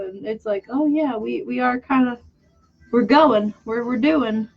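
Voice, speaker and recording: This young artist and vlogger draws as she chats casually at normal speed, her voice mid-pitched. Candid and rambling, she mocks herself, restarts sentences many times, and seems a little teary. The recording is slightly muffled and lo-fi.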